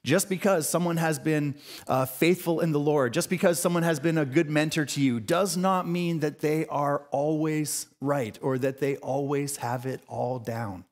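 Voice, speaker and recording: Pastor preaching with casual emphatic repetition. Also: male voice, on the high side, normal speed. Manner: casual asides with slang and brief laughs. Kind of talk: sermon.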